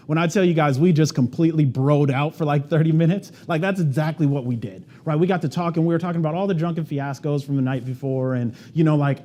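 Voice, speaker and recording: Fast-talking man giving a keynote story. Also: a little high. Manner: casual and animated, heavy on "like" and "right?". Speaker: conference presenter. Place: event stage before an audience.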